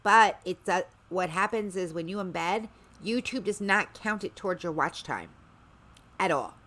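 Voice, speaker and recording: A woman's voice: lowish voice, animated, unhurried, a bit bright. A woman hosting a livestream, chatting casually in a rambling way with sarcastic asides. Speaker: livestream host.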